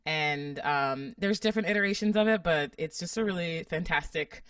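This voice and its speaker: A woman's voice: deep voice, normal speed, a bit bright, clean tone, dry recording, distant mic. A woman co-hosting a podcast in casual chat, upbeat and teasing. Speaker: podcast co-host. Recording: dry, a bit off-mic.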